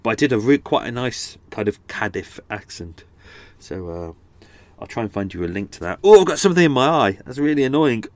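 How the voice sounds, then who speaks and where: A man's voice: mid-range voice, lively intonation, a little fast, darkish tone, no room sound. A man hosting his podcast in a casual, rambling chat, with a slightly blocked nose, recording close to the microphone on a houseboat. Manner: chatty and meandering, frequent restarts and asides. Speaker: podcast host. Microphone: studio microphone close up.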